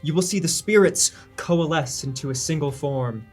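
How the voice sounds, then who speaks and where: A player in a tabletop game, describing a scene in measured narration. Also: medium pitch, slightly rough, faint music behind.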